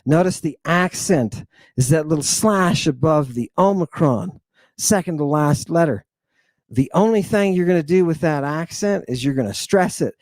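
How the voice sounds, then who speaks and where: A man giving an animated, playful language lesson, slowly repeating words for his students to drill. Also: on the high side, no echo. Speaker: teacher.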